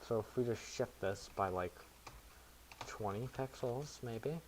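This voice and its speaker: A man's voice: medium pitch, a little slow, noisy background. A man talking his chat through his code in casual live commentary, thinking aloud and making self-mocking asides. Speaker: programmer streaming to chat.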